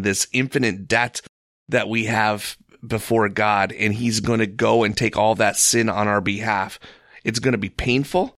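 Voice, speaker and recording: A man leading a casual Bible discussion, earnest and halting with frequent restarts. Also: fairly low pitch, fairly bright tone, no echo, studio quality. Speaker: Bible study leader.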